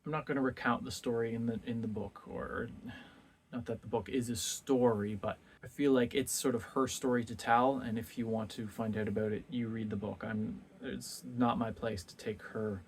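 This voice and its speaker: A man talking through a book review in a casual vlog, reflective and halting, often restarting his sentences as he searches for words. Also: mid-range voice, steady tone, a little hiss or hum.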